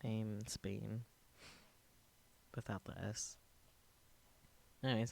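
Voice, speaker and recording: A man's voice: fairly low pitch, flat delivery, measured pace, a little mellow, a little hiss or hum. A man streaming, reading a visual novel aloud in a subdued voice into a desk mic, with wry asides.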